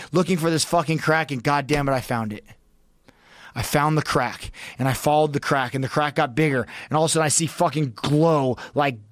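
A man with a mid-range voice tells a gripping story, profane, blunt and urgent. His voice jumps up sharply when the tension peaks. The recording is dry and close, with no room echo. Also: mid-range voice. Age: adult with a young child. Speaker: podcast guest. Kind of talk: intense storytelling in a long-form podcast.

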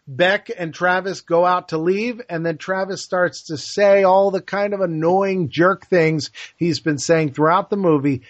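A man's voice: sits high, steady tone, unhurried, hardly any pauses, no echo. A man co-hosting a podcast in casual film discussion, enthusiastically retelling movie scenes. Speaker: podcast co-host. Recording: dull lo-fi dry sound.

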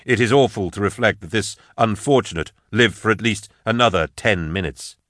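A man reading a dark first-person fantasy story aloud in a measured, grave storytelling manner. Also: lowish voice, no room sound, clean studio sound. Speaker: narrator. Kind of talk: audiobook narration of dark fantasy fiction.

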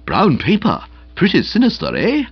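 A man voicing a pompous, self-satisfied young gentleman who stammers on his first sounds and talks down to others, in a dry, slightly dull recording. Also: high voice, wildly swooping pitch, normal speed, husky, dry recording, soft background music, voice pushed up, full character voice. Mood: pompous, eager. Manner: patronizing and full of himself.

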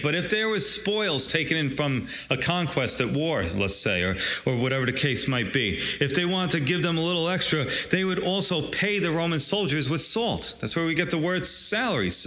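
Bright-voiced man teaching a Bible study. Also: on the high side. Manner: conversational, asks "right?" often. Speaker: pastor.

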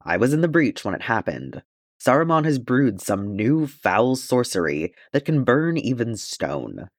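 A man's voice: medium pitch, very animated, a little slow, no room sound, studio quality. A man reading the part of a courteous, stalwart male dwarf warrior in an audiobook, in formal, gallant speech.

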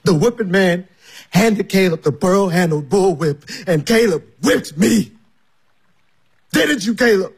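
A man's voice: high voice, animated, husky, full character voice. A man playing John, a bitter young man. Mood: bitter, taunting. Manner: slow, taunting, repeats his words.

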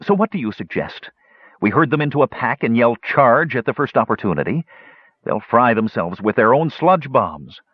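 A man's voice: medium pitch, sing-song, moderate pace, slightly rough, no echo, voice pushed up. A man voicing a stern, exasperated woman who is a queen in an audiobook, speaking sharply and commandingly. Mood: scornful. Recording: dull lo-fi recording.

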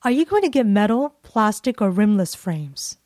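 A woman's voice: medium pitch, big pitch swings, normal speed, darkish tone, no room sound, studio quality, natural voice. A woman voicing a bossy shopping companion in a scripted dialogue, teasing and pushy.

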